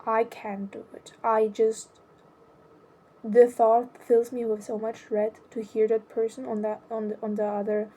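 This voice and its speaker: A young adult woman talking about her own life in a hesitant, halting way, often restarting her sentences. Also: fairly high pitch, level tone, mellow. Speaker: vlogger. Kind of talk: personal confessional monologue.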